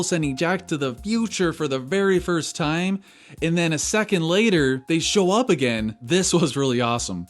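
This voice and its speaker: Excited man recapping a cartoon episode. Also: fairly high pitch. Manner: excited, chatty, loose filler words and mild swearing. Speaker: video reviewer. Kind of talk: casual episode recap and review.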